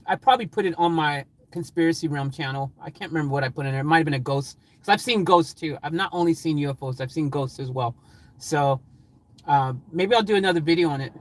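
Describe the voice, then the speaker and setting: A man chatting casually on a livestream, reading out chat comments and rambling excitedly with frequent laughter. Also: a little high, rough recording.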